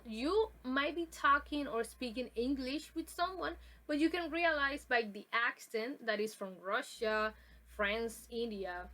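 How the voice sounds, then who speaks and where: A woman's voice: a little high, bright, forceful tone, rough recording. Woman giving a recorded pronunciation lesson. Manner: explanatory, with frequent fillers and restarts. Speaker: student presenter. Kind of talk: recorded class presentation. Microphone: self-recorded.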